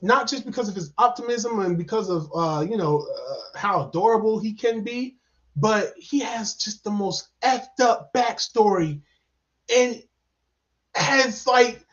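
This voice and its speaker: A man giving a casual, rambling movie review, excitable and full of fillers and repeated words. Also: high-pitched. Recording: dull lo-fi sound.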